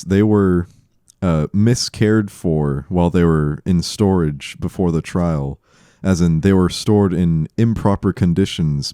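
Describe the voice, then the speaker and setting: A man's voice: deep voice, warm tone, dry recording, studio quality. A young man co-hosting a casual podcast, going off on trivia tangents. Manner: tangent-prone, trivia asides. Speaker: podcast co-host. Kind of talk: casual chat.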